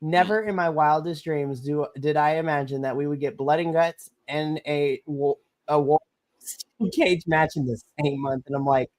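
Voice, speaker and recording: A woman, co-hosting a wrestling podcast in an excited chat, gushing and bursting into shrieks and laughter. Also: low-pitched, normal speed, dry recording. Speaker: podcast co-host. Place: home setup on a live stream call.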